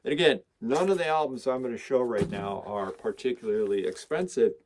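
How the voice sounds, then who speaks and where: A man's voice: mid-range voice, fairly quick, darkish tone, a little hiss or hum. A man vlogging about his record collection, talking casually to the camera and musing over rhetorical questions as he holds up album after album. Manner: musing, asks himself questions.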